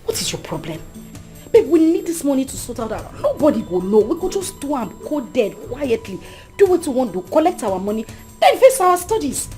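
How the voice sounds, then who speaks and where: A woman's voice: sits high, sing-song, a little fast, dark tone, faint music behind. An actress playing a scheming young female student with a Nigerian accent, coaxing and persuasive. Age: young adult. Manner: coaxing, persuasive, mixes Pidgin. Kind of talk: Nollywood-style skit acting.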